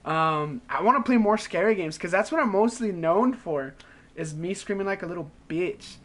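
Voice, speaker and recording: A man's voice: sits high, expressive, moderate pace, fairly bright tone. A man live-streaming a game, chatting casually with his viewers, rambling, laughing and swearing, with "like" in almost every sentence. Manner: rambling, swears a lot, laughs often, says "like" constantly. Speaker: gaming streamer.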